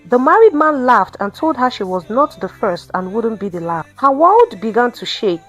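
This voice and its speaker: A woman hosting her own channel, narrating a story in a calm, measured way. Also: a little high, soft background music.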